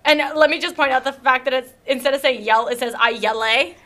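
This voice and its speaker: Young Canadian woman, high bright voice, reads a goofy story and keeps cracking up. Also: fairly even intonation, fast. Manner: giggly, breaks into laughter while reading. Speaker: reader of a fan story. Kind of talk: casual dramatic reading with commentary.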